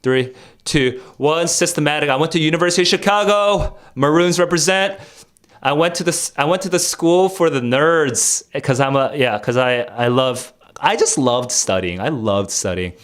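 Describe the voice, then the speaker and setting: A man's voice: a little high, normal speed, fairly bright tone. A young man streaming casually, rambling with many fillers and restarts while he quizzes his viewers on vocabulary. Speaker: streamer and test tutor. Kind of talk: casual livestream chat and vocabulary quiz.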